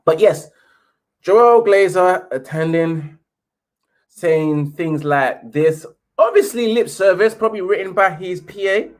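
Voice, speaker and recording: A man's voice: high-pitched, takes it slowly. A British man hosting a casual football stream, ranting and sarcastic, a little sniffly. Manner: ranting, sarcastic, switches to a posh reading voice for quotes. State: slightly sniffly. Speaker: football channel host. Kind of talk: casual live stream commentary.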